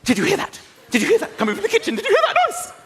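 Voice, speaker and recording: A man's voice: extremely high pitch, huge pitch swings, very fast, fairly bright tone, in a large hall, pitched above the performer's own voice, heavily acted. A man voicing an anxious wife who wakes her husband at night, pushing him to check a noise. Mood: alarmed.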